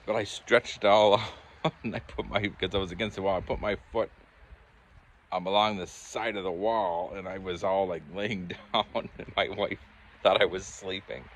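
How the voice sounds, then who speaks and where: A man's voice: low-pitched, fairly even intonation, normal speed, a bit bright. A man chatting casually to his camera as a pipe-smoking vlogger, rambling easily with chuckles and self-corrections, the camera held in his hand. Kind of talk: casual fireside chat to camera. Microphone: handheld camera.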